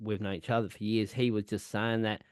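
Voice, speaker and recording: A man's voice: on the low side, little pitch movement, fairly quick, clear, resonant tone, no echo, clean studio sound. A man co-hosting a podcast, telling a rambling, swear-filled festival story in casual chat. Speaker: podcast co-host.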